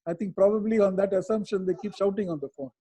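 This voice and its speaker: Answering webinar questions over a video call, a male advocate is thoughtful and explanatory, pausing hesitantly as he goes. His high-pitched voice is warm and husky.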